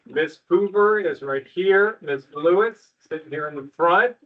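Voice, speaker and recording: Folksy principal addressing parents, distant. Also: male voice, fairly high pitch, measured pace. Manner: folksy, joking, reassuring. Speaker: school principal. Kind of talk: addressing parents at a school meeting. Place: school room with an audience. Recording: distant, muffled room recording.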